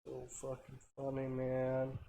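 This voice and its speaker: A man co-hosting a comedy show, reading out a fan story with sarcastic, deadpan commentary. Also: medium pitch, slow pace, vocal fry. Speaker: co-host reading fanfiction.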